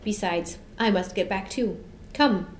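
A woman's voice: mid-range voice, measured pace, reverberant, a little hiss or hum, close to an everyday voice. A woman doing a delighted, wide-eyed girl from the sky. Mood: cheerful. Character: excited starry young woman from the sky.

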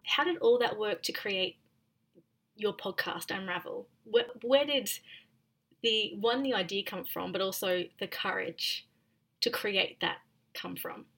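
A woman interviewing a guest, asking quick, chatty questions in a casual podcast conversation. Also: medium pitch, vocal fry, fairly bright tone.

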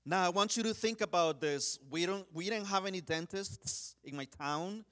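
A high-voiced preacher speaking at a moderate pace shares a personal story during his sermon. He's earnest, frequently starting over and leaning on "you know," as his tone shifts between urgent pleading and hushed stillness.

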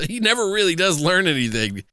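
A man's voice: high-pitched, normal speed, clean tone, no echo, studio quality. A man hosting a podcast, retelling a film plot in casual, profane chat. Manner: animated, profane storytelling. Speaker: podcast host, film reviewer.

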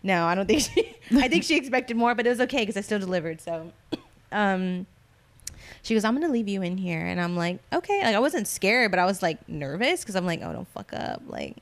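A woman in casual chat, telling stories in a slangy, animated way and acting out the voices of the people she quotes. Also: medium pitch, fairly quick.

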